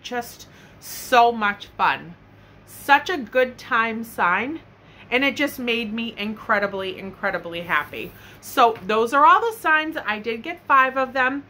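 A woman's voice: on the high side, sharp tone. A young woman gushing enthusiastically as she shows off her shopping haul, speaking casually from her bedroom at home. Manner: gushing and enthusiastic, many likes and loves. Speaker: haul vlogger. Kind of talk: casual product show-and-tell.

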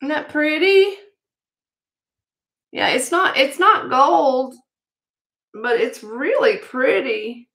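A woman vlogger sorting through a jewelry haul in an excitable, gushing way, chatting to her viewers. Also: high voice, slow, vocal fry, long pauses. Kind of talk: casual unboxing chat.

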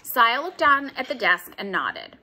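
A woman reading a children's story with a clear, bright voice and a very lively pitch. She narrates expressively, leaning into each line. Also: measured pace, slight background noise. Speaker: audiobook reader.

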